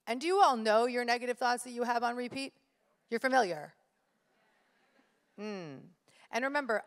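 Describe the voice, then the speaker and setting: A woman speaking live to an audience, telling stories with energy and addressing the crowd directly. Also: mid-range voice. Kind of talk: motivational live talk. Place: stage in a large hall. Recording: live hall with reverb.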